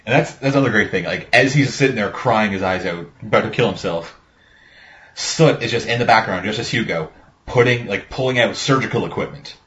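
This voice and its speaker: A man's voice: on the low side, brisk, fairly bright tone. Rambling, swearing man, lo-fi sound. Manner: rambling, swears a lot, acts out quotes. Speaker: podcast co-host. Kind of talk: casual movie review chat. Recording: dull lo-fi sound.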